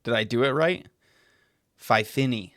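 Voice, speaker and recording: A man's voice: mid-range voice, unhurried, fairly bright tone, no room sound, studio quality. Chatty American man streaming at home. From United States. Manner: loose, chatty, swearing, trails off and restarts. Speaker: streamer hosting a beer tasting stream. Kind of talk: casual chat to a live stream chat. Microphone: desk microphone.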